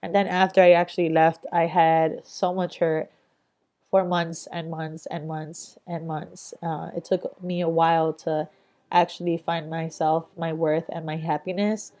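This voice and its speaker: A woman's voice: low voice, flat delivery, measured pace, mellow. A young adult woman vlogger giving a candid, reflective voice-over, casual and swearing freely.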